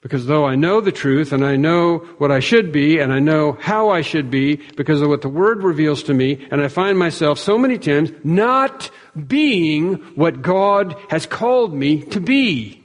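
A man preaching a sermon in an earnest, measured way, quoting speakers in small acted-out voices. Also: a little high, expressive. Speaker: pastor. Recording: long reverb of a large hall.

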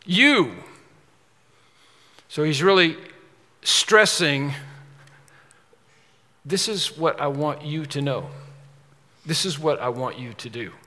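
Forceful, emphatic man preaching in a hall. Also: a little high, slow pace, pauses often. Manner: emphatic, repeats key words for stress. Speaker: pastor. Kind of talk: expository sermon.

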